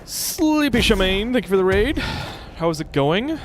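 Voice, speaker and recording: A young man streaming a video game, reacting loudly and chatting with his viewers. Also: high voice, brisk. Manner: excitable, shouts exclamations, chats to viewers. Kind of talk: casual gameplay streaming with chat. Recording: game music playing behind.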